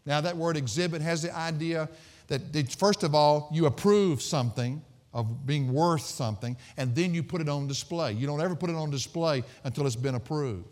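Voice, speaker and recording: A man's voice: on the high side, moderate pace, a little mellow, big-room sound. A man preaching a sermon as pastor, folksy and jokey, telling stories and reading scripture. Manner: folksy, jokey storytelling with laughs.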